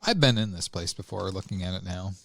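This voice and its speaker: A low-voiced man chimes in on a podcast with dry, teasing asides. He speaks plainly and offhand. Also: animated, a little fast, vocal fry, a bit bright, slight background noise. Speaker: podcast co-host. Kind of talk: casual chat.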